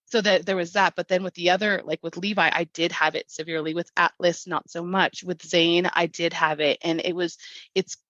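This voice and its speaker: A woman's voice: lowish voice, steady tone, a little fast, a bit bright, dry recording, muffled recording. A woman hosting a casual panel chat, talking candidly and rambling with many restarts. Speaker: podcast host.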